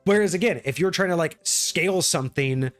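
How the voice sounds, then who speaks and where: Male host, slightly higher voice, lively casual chat that keeps slipping into mini impressions, faint music bed. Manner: animated, acts out quick snippets of players and guards. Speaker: host of a tabletop gaming live stream. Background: faint background music.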